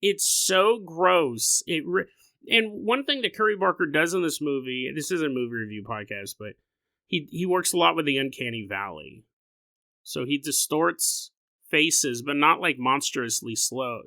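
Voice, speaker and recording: A man hosting a paranormal podcast, talking casually in a rambling, animated way and laughing often. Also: mid-range voice, no echo. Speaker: podcast host. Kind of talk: casual solo podcast talk.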